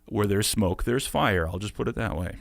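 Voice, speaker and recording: American guy hosting a podcast, quick chatty talk with lots of laughs, dry close mic. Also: on the low side, vocal fry, no room sound. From United States. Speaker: podcast co-host. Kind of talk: casual podcast chat.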